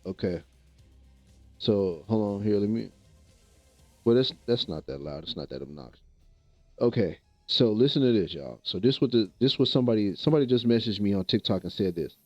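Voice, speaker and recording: A man's voice: lowish voice, lively intonation, moderate pace, a little mellow, no room sound, highs cut off, faint music behind. A man from the American Midwest chatting casually with viewers on a livestream, laid-back and rambling, often repeating himself. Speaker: streamer.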